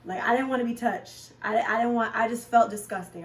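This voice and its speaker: A woman's voice: a little high, fairly quick, few pauses, a little hiss or hum. Frank, chatty woman in a roomy space. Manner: frank and chatty, with many fillers. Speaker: fitness vlogger and class instructor. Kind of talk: candid casual chat. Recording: roomy sound, voice from a distance.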